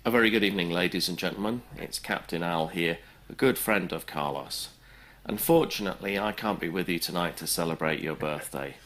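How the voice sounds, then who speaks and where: A man's voice: deep voice, brisk, a bit bright. A man giving a jokey, upbeat birthday message in an announcer-like delivery. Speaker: friend sending a birthday message. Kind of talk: recorded voice message.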